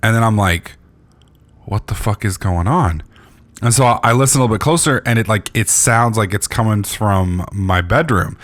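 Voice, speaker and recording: A sleepy man talks through his gameplay in a somewhat low voice, rambling along with plenty of fillers and restarts. He swears freely and keeps it casual, like a regular gaming channel host. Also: a little fast, hardly any pauses, fairly bright tone.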